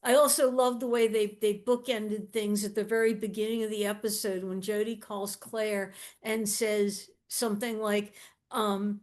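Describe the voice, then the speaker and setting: A woman's voice: mid-range voice, flat delivery, unhurried. A woman talking enthusiastically in a casual fan chat, praising what she loved. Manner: enthusiastic, warm-hearted praise. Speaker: panelist.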